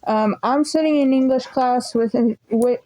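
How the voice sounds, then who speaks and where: A woman's voice: sits high, measured pace, low-quality recording. A young woman rambling through a casual storytime vlog, swearing freely as she tells it. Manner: swearing, rambling, animated retelling. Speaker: vlogger.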